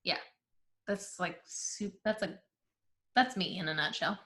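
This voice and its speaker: A woman in her thirties talks in an unhurried, easygoing way, giggling and trailing off between her thoughts. Her voice sits at an ordinary middle pitch. It is recorded in a roomy space with a noticeable echo. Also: fairly bright tone. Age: 30s. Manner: chatty and giggly, trailing off with filler words. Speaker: vlog host being interviewed. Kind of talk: casual chat.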